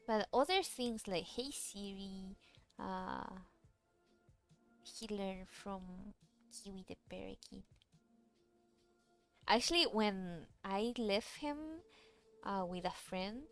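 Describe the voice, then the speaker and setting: A woman's voice: medium pitch, takes it slowly, pauses often, fairly bright tone, soft background music. A woman chatting casually while she draws, rambling with many fillers and restarts. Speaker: VTuber artist streaming a drawing session. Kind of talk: casual chat while drawing.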